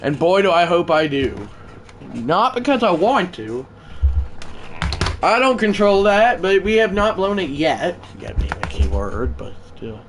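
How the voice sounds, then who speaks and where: A man livestreaming a baseball video game, chatting to viewers and shouting when big hits land. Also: high-pitched, a little slow, a little hiss or hum. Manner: excitable, swings from mumbled asides to shouted play calls. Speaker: gaming livestreamer. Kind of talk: live gameplay commentary.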